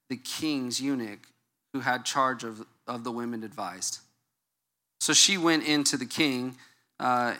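This middle-aged pastor speaks in a mid-range, sharp-toned voice while giving a sermon that feels like a conversation. He cracks jokes and regularly checks in with the audience in a relaxed way.

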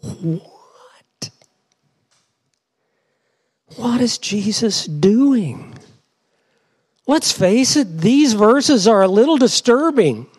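Male pastor with a high, animated voice and slow, deliberate delivery; dramatic sermon style that keeps questioning the congregation. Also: husky. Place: church before a congregation.

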